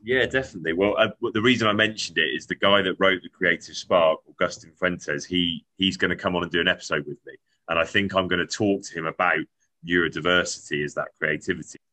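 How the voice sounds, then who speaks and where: Very deep bright-toned podcast host man. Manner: hesitant, halting speech. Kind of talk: casual interview chat.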